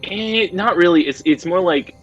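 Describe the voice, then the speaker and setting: A man's voice: high voice, normal speed, a bit bright, muffled recording, faint music behind. A man playing a tabletop game, chatting casually and hesitantly as he searches for words. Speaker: player.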